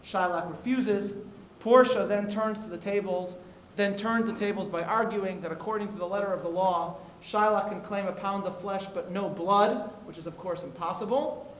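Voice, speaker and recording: High-voiced male moderator in an echoey hall. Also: fairly even intonation, normal speed, a bit bright. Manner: reads quotes aloud with frequent "uh" fillers. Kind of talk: moderated discussion, reading prepared remarks. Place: university auditorium. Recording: echoey hall with faint noise.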